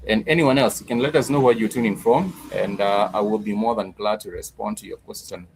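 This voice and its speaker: A man with a fairly low voice teaching a live-streamed language class. He talks patiently and repeats himself, filling his pauses with "uh". Faint background noise sits under the recording. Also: vocal fry, poor audio. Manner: patient, repetitive, says "uh" often. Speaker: Swahili teacher.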